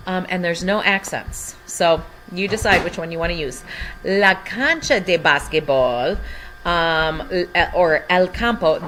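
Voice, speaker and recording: A woman's voice: fairly low pitch, a bit bright, a little hiss or hum. A woman teaching a Spanish lesson from home, patiently explaining each word in English. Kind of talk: recorded language lesson.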